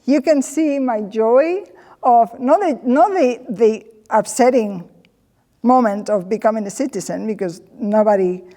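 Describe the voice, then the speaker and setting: A woman giving a comedic personal storytelling talk, animated and acting out the voices of the people she quotes. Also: a little high, measured pace, in a large hall. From Spain. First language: Spanish. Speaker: presenter.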